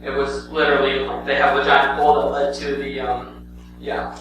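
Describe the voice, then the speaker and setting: A man's voice: mid-range voice, level tone, normal speed. Rambling young man in an echoey church. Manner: rambling, with many "um" and "anyway" fillers. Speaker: church member presenting his mission trip. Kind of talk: casual spoken report to a congregation. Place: church sanctuary. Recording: very echoey church hall, heard from a distance, with a clear hum.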